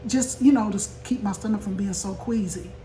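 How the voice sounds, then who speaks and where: A woman's voice: mid-range voice, a little fast, warm tone, soft background music. An older woman hosting a casual home cooking vlog, chatting to viewers and laughing easily as she talks. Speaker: vlog host. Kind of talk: casual mukbang chat. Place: home kitchen table.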